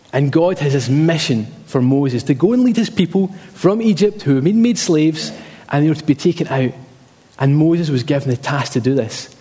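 A man's voice: a little high, dark tone, big-room sound. A man preaching a sermon emphatically, repeating key phrases and telling personal stories.

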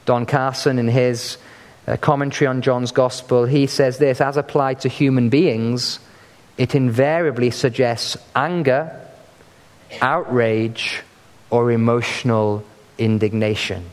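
A man's voice: medium pitch, steady tone, unhurried. A man preaching a sermon with earnest emphasis, pressing hard on key words. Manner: earnest, emphatic, building to stressed peaks. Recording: long hall reverb.

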